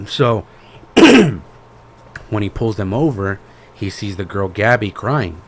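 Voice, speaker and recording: A man's voice: fairly low pitch, animated, slow pace, slight background noise. A man co-hosting a podcast in casual chat, rambling and slangy, with lots of fillers. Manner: rambling, laid-back retelling with lots of fillers; slangy, says "bro". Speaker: podcast co-host.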